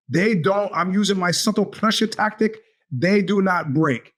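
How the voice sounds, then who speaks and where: A man in his fifties tells a winding story as a podcast host. He talks in a slightly high voice and jumps into the voices of the people he quotes. The delivery is loose and animated. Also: unhurried. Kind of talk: storytelling monologue.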